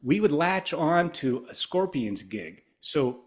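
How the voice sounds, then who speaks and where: A man's voice: a little high, slow. A middle-aged man from Ohio, a guitarist being interviewed, telling long rambling stories in casual chat and acting out the people he quotes. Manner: rambling, animated, acts out quoted voices. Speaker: guest guitarist.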